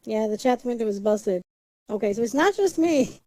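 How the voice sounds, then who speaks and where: A woman livestreamer chats casually, muttering to herself as she sets things up and humming and singing nonsense syllables. Her voice is on the high side and animated but dark in tone, at a normal speed. There is no echo, though the audio is poor.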